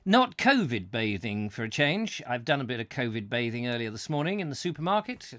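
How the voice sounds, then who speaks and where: A man's voice: medium pitch, very animated, a little fast, fairly bright tone, no echo, studio quality. Rambling, jokey male live-stream host. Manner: rambling, jokey, trailing off with fillers. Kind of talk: comic live-stream chat.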